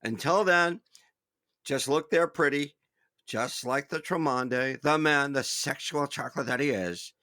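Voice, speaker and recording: A man's voice: medium pitch, measured pace, sharp tone, no room sound, clean studio sound. A man playing a crusty old-timer with outdated views, talking in a sly joking drawl. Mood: mock boastful.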